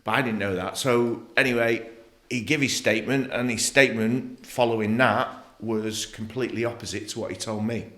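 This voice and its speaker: A man's voice: fairly low pitch, steady tone, moderate pace, a bit bright, roomy sound. A middle-aged man from England, a podcast guest telling his personal story bluntly and emotionally, swearing freely. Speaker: podcast guest, former footballer. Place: podcast studio.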